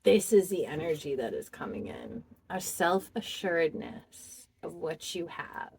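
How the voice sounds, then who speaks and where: A woman doing a pick-a-card tarot reading, speaking to the viewer in a slow, heartfelt and expressive way. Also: lowish voice, gravelly, a little hiss or hum. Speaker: tarot reader.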